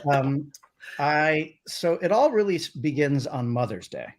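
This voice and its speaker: A man's voice: a little high, expressive, a little slow. A middle-aged man who is a guest on a comedy talk show, telling loose, rambling stories full of "like" and "um" over a video call. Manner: rambling storyteller with lots of fillers. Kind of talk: casual anecdotal chat. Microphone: livestream video call.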